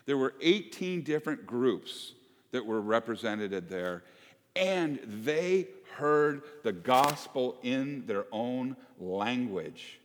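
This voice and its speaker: A man preaching to his congregation in a relaxed, conversational way, throwing questions out to the pews. His voice sits at an ordinary middle pitch. The sound carries the long reverb of a church sanctuary. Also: takes it slowly. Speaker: pastor. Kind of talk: sermon.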